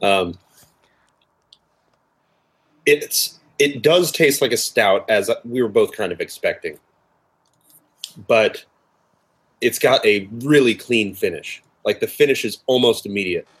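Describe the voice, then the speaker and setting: Co-host, man, low and husky, halting and filler-heavy, talks over a video call. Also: lively intonation. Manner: hesitant, many fillers and restarts, explanatory. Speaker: co-host of a drinks tasting show. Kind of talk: casual chat.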